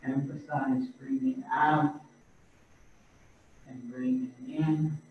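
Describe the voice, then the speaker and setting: A man leads a qigong class at a very slow, unhurried pace, calmly talking students through each breath and movement. He is heard from a distance in a very echoey room. The sound is dull and muffled, like a video call. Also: medium pitch, a little hiss or hum. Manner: slow, calm breathing cues. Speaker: qigong instructor.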